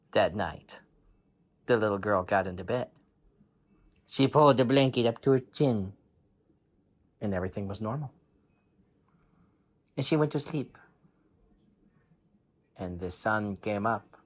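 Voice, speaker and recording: A man's voice: fairly low pitch, measured pace, long pauses. A man improvising a bedtime story, playful and rambling, breaking into giggles and shrieks.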